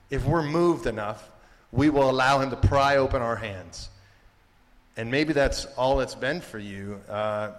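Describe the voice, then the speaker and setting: Rambling man in a reverberant hall. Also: medium pitch. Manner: rambling and jokey, heavy with 'like' and 'you know'. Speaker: campus ministry speaker. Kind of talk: casual faith talk to students.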